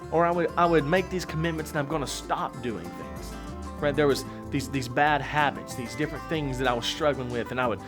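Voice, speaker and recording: A man speaking as a motivational coach, talking earnestly and conversationally and repeating phrases for emphasis. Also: on the high side. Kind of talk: motivational monologue to camera.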